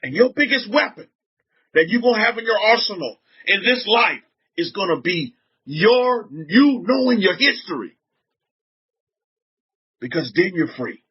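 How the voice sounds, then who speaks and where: A high-pitched man with a Southern US accent delivers an informal religious talk to a group. He circles back on his words and peppers listeners with rhetorical questions. His voice is a touch husky, on a dull lo-fi recording. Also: sing-song, measured pace, long pauses. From Southern United States. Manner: repetitive, restarts a lot, fires rhetorical questions at listeners. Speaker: religious teacher addressing a group.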